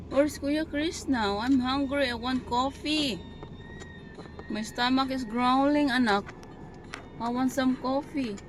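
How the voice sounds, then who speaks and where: A woman's voice: high voice, slow pace, long pauses. A young Filipino mother chatting casually on a vlog, coaxing and scolding her toddler while waiting outside. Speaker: mother vlogging with her children. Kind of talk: casual vlog chat, mixing Tagalog and English. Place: outdoors waiting near a clinic. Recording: noisy traffic behind. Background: passing vehicles.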